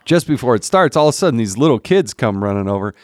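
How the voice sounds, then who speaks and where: A man's voice: mid-range voice, quick pace, dry recording, clean studio sound. Middle-aged guy telling funny stories on a podcast, laughs a lot, voices the quotes. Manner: animated, laughs often, acts out quotes. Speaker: podcast guest, former congressman. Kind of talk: casual storytelling chat.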